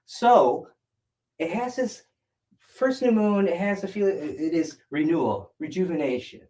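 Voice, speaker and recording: A young man, a guest artist, telling an animated story in a casual livestream chat and laughing often. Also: high-pitched, measured pace.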